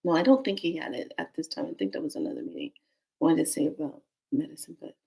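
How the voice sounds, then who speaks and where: A woman telling a personal story with lively energy, voicing the other people in it and dropping to a whisper at tense moments. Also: sits low, quick pace, gravelly. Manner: animated, acts out dialogue in other voices.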